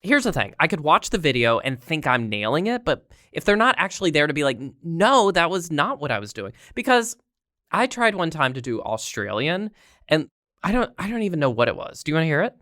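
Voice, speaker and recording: A comedian co-hosting a podcast in a studio, chatting casually with quick, joking asides. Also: medium pitch, very animated, sharp tone, dry recording. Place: recording studio.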